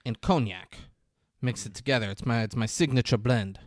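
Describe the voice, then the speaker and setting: A man on a podcast recapping a movie in casual chat, crude and animated, often mimicking the characters in quick bursts. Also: mid-range voice, no echo, studio quality. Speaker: podcast co-host.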